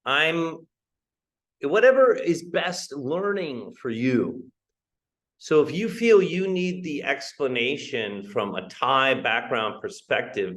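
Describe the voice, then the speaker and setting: A man's voice: medium pitch, fairly bright tone, poor audio. Man, English teacher, live online lesson, conversational, frequent "right?", greets viewers. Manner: conversational, keeps asking "right?"; greets viewers by name mid-talk.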